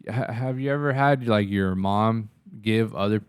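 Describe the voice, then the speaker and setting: A man's voice: on the low side, a little slow, smooth, dry recording. A man co-hosting a podcast in laid-back, profane casual chat, often trailing off and restarting. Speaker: podcast co-host.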